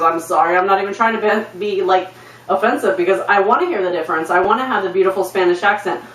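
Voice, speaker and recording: A woman chats casually to the camera, gushing and giggling as she pokes fun at herself. Her pitch is mid-range. She sits a little back from the mic, in a room that rings with echo. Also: fast, fairly bright tone. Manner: gushing, giggly, playful, self-mocking. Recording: roomy, from a distance.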